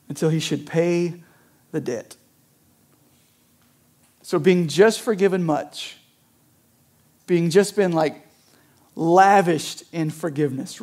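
Male pastor, high-pitched voice, casual, conversational sermon delivery. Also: a little mellow. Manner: conversational, frequent "right?" asides.

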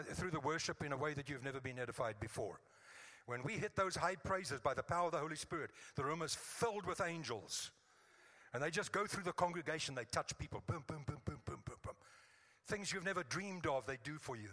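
A man's voice: fairly high pitch, pushed and bright. A man pastor preaching a fervent sermon to his own congregation, often checking in with the room with a call for "Amen?". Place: church sanctuary. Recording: church hall reverb.

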